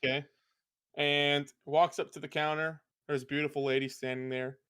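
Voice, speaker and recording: A man's voice: a little high, little pitch movement, normal speed, fairly bright tone, smooth. A man co-hosting a podcast, chatting casually and playfully telling jokes. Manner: playful, laughs at his own jokes. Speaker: podcast co-host.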